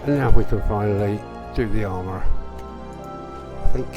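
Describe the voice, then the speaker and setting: A man's voice: lowish voice, moderate pace, over loud music. A man giving a wry, chatty commentary as he plays a video game, with self-mocking asides. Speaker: gamer. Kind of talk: let's play commentary.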